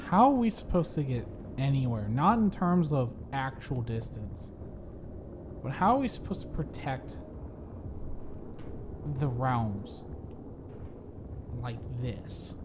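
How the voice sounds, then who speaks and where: Player in character, brooding, hesitant, lively pitch, faint noise. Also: slow, pauses often. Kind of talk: in-character roleplay.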